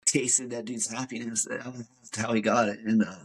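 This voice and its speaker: A man's voice: medium pitch, flat delivery, moderate pace, breathy edge, poor audio. A man, a podcast guest, tells his personal story in a casual, rambling way, full of fillers and calling the host dude. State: emotional.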